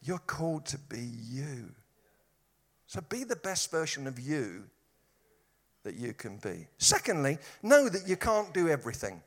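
A man's voice: on the high side, big pitch swings, unhurried. East london guy preaching, jokey and wry, voice bouncing all over the place. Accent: East London English. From East London, England. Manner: humorous storytelling with wry jabs. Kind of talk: sermon.

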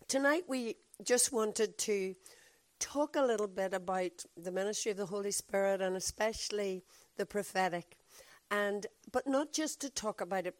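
A woman with a Belfast accent, her voice croaky and hoarse, giving an earnest sermon on the Holy Spirit. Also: mid-range voice. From Northern Ireland. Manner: earnest, warm teaching tone with fillers. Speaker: preacher.

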